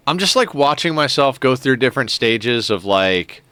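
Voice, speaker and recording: A young man chats through a game stream, drifting between gameplay and personal musings, full of filler words. His voice is clear and smooth, with a bright edge. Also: medium pitch, expressive, moderate pace, no room sound. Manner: rambling, reflective, many filler "like"s; cooing baby talk to a pet. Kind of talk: casual gameplay stream chat.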